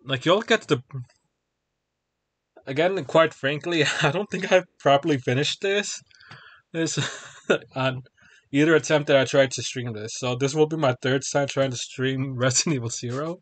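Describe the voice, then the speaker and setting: A gaming streamer with a medium-pitched voice talks at a moderate pace. He chats casually on his livestream, rambling and chuckling while he works through technical problems.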